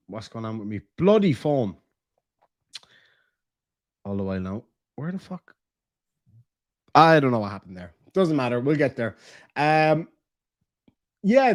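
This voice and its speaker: A man's voice: mid-range voice, no room sound, clean studio sound. A man with an Irish accent hosting a livestream, reading out viewer messages in a casual, joking, playfully crude way. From Ireland. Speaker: livestream host.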